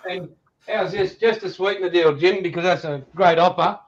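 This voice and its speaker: A man's voice: sits high, moderate pace, highs cut off, a little hiss or hum. A man with an Australian accent chatting casually as a livestream guest, laid-back and chummy, calling people mate, with plenty of ums. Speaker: guest, YouTube scale-model channel host.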